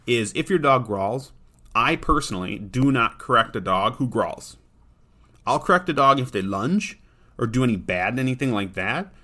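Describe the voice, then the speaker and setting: A man's voice: mid-range voice, sharp tone. A man hosting a podcast about dog training, talking in an earnest, conversational way and often restarting his sentences. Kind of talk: casual podcast monologue.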